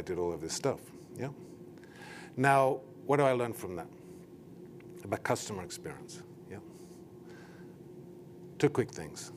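A company chief giving a business talk as an animated storyteller, leaning on "like" and "right?" as he goes. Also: fairly low pitch, slight background noise. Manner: animated, anecdotal, frequent "like" and "right?". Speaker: company CEO giving a presentation.

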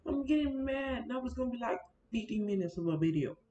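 A woman's voice: a little high, expressive, brisk, dark tone. Chatty young woman vlogging, roomy lo-fi sound. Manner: chatty, complaining, keeps addressing viewers as y'all. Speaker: Sims content creator. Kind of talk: casual screen-recorded gaming vlog. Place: indoors at a computer. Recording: roomy, dull built-in mic with faint fan noise.

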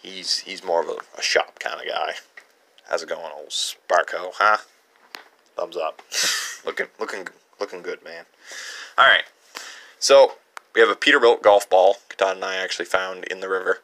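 Young guy, deep gravelly voice, rambling and chuckling through a tour of his workshop. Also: normal speed, sharp tone. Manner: rambling storyteller with frequent chuckles. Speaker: channel host. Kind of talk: casual workshop tour narration. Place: home workshop.

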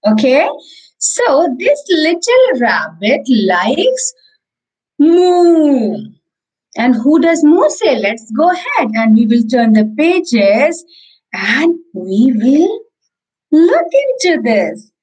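A woman with an Indian English accent teaching an online preschool class, counting aloud slowly and reading a picture book to small children with encouragement. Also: sits high, rough recording.

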